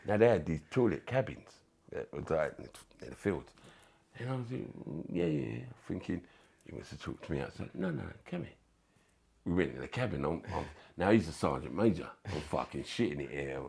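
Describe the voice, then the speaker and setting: A very deep-voiced older man with a gravelly, husky sound tells stories from his footballing days in a casual interview. His delivery swings up and down with energy, peppered with swearing and quick impressions of the people he's describing. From England. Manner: animated, swearing, acts out quoted voices. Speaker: former footballer, podcast guest.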